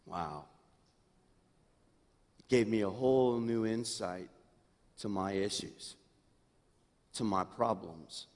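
A middle-aged man preaching a sermon as senior pastor, swinging from hushed, intimate asides to loud, rising exclamations. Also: on the low side, takes it slowly, pauses often. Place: church sanctuary. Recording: long reverb in a church hall.

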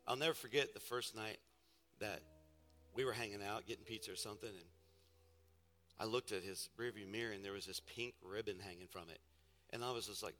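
A man's voice: fairly low pitch, brisk, pauses often. A male pastor preaching a live sermon, telling playful stories and calling out to the congregation. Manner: storytelling, playful and animated, calls out to the congregation. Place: large church hall. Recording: live sermon in a reverberant hall with faint music.

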